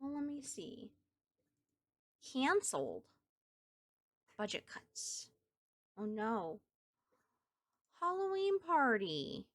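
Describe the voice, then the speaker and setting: A woman's voice: high voice, huge pitch swings, very slow, pauses often, fairly bright tone, dry recording, studio quality. A woman with a Southern US accent streaming a game, chatting casually with her viewers and thinking aloud as she plays. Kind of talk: casual gameplay chat with viewers.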